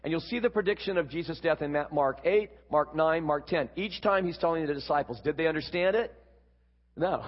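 A man preaching a sermon, explaining a Bible passage with quick asides. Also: a little high. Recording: dull, echoey hall.

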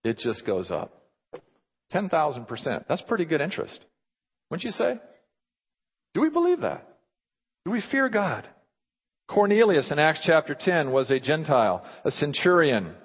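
Animated preacher with a reverberant hall sound. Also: male voice, a little high, normal speed, long pauses, husky, lo-fi sound. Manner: animated, asks the listeners rhetorical questions. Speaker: pastor. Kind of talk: sermon.

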